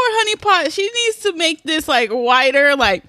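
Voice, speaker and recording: A woman's voice: sits high, very animated, unhurried, sharp tone, no room sound. A woman co-hosting a podcast, chatting casually in a blunt, joking, profane way. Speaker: podcast co-host. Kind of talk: casual chat.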